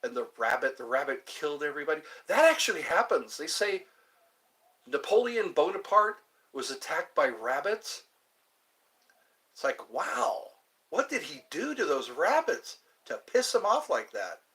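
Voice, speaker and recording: Livestream host, man, bright voice, lively pitch, unhurried amused rambling. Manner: meandering, amused, trails off into asides. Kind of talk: rambling casual chat to viewers.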